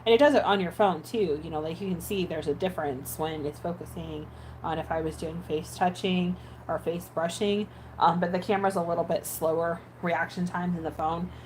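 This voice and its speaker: A woman's voice: lowish voice, fairly even intonation, moderate pace, darkish tone, a little hiss or hum, low-quality recording. A woman who makes ASMR videos chatting casually while editing, rambling with many fillers and restarts. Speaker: ASMR creator.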